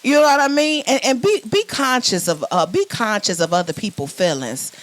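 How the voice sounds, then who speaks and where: Young woman doing a sassy, loud virtual stand-up set. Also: a little high, lively intonation, moderate pace. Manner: loud, sassy, repeats words when starting phrases. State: sweating. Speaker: stand-up comedian.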